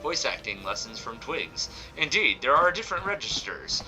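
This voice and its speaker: A man's voice: mid-range voice, very animated, normal speed, low-quality recording. A man chatting playfully while live-streaming a video game, with a slightly squawky voice. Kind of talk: live gameplay commentary. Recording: game music behind.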